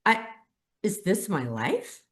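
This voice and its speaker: A woman's voice: medium pitch, big pitch swings, slow pace, a bit bright. A woman co-hosting a podcast, talking frankly and with exasperation, and often giving short agreeing replies. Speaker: podcast co-host. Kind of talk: casual heartfelt conversation.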